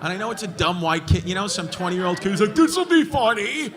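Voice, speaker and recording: A man with a New York accent doing brash, profane stand-up crowd work, roasting hecklers and often shouting. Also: sits high, steady tone, quick pace. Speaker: stand-up comedian. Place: comedy club stage with a laughing crowd. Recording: live club audio with crowd laughter.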